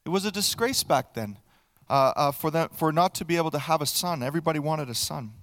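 A male pastor preaching in a conversational, reflective way, with filler pauses as he thinks aloud. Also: on the high side, animated, a bit bright. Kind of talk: sermon.

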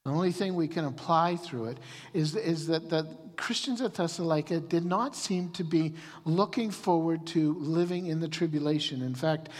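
A man preaching a sermon as pastor, animated, often repeating words as he starts a sentence. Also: a little high, moderate pace, in a large hall.

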